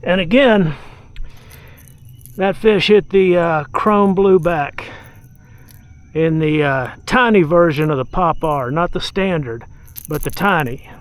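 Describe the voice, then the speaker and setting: A man calmly talking through his fishing from a boat on a lake, often sighing. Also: on the high side, slow, long pauses. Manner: relaxed, talks to the fish, frequent sighs. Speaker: fishing vlogger. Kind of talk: casual on-the-water commentary.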